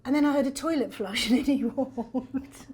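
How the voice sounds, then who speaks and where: An older woman, a stage actor telling backstage stories in a lively, self-deprecating way with frequent laughs. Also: high voice, moderate pace, noisy background. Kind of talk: backstage storytelling. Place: theatre backstage.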